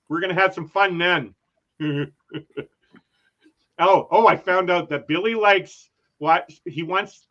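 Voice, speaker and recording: A man's voice: fairly high pitch, a bit bright, muffled recording. A man hosting a casual travel livestream, chatting and reading viewer comments aloud with frequent laughs. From Canada. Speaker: travel channel host.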